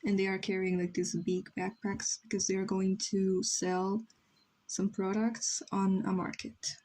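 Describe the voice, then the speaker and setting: Mellow-voiced young woman chatting on stream. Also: mid-range voice, flat delivery, unhurried, poor audio. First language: Spanish. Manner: rambling, reads chat aloud, many "like" fillers. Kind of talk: casual livestream chat while drawing.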